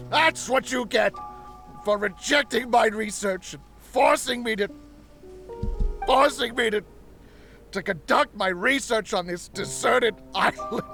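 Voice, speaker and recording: An actor playing a deranged male scientist who cackles and sobs in slow, broken phrases, with game music behind. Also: very high-pitched, creaky, pushed and bright, exaggerated voice. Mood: manic.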